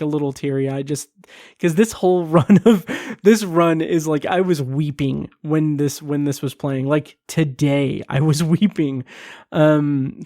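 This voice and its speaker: A man's voice: fairly high pitch, darkish tone, no room sound, clean studio sound. A man hosting a podcast review, talking in a casual, gushing way, teary-eyed and holding back tears. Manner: emotional, gushing, many fillers. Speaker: podcast host reviewing an episode.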